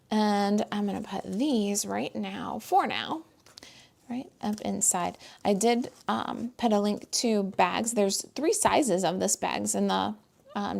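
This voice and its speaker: A medium-pitched woman with vocal fry, from the United States, stamps cards live at her home craft desk. Friendly and chatty, she talks with viewers and her dog as she works.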